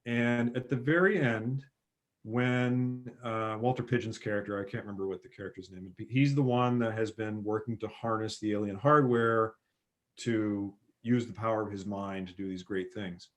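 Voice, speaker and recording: A man in casual chat, retelling movie scenes with animated bursts of excitement. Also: lowish voice, normal speed. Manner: animated storyteller, acts out film scenes with sudden loud bursts. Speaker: podcast guest.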